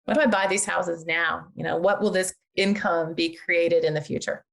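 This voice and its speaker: An older woman chatting as a podcast guest, animated and chatty, with frequent fillers. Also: fairly low pitch, normal speed, vocal fry. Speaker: guest, real estate agent and investor. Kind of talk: casual podcast interview.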